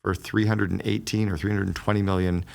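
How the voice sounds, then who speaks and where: Middle-aged male podcast guest, deep creaky voice, rapid animated storyteller. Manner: fast, animated storyteller who acts out quoted dialogue. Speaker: guest, business strategist.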